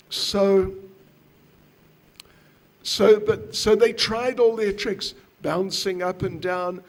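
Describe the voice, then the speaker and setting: A man giving a storytelling lecture to devotees as a spiritual teacher, animated and acting out the voices in his stories. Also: high voice, very slow, pauses often.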